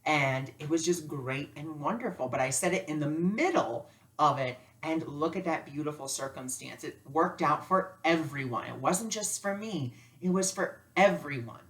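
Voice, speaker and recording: A woman teaching spiritual lessons through personal stories, animated and acting out dialogue. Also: low-pitched, moderate pace. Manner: animated, acts out dialogue with lively voices. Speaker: spiritual teacher and life coach. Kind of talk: storytelling lesson.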